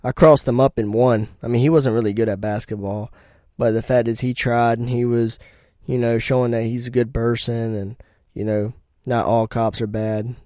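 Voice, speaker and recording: A man's voice: medium pitch, level tone, moderate pace, mellow, no echo, studio quality. A young man telling personal stories as a podcast host, in a blunt, profane and rambling way. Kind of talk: casual storytelling monologue.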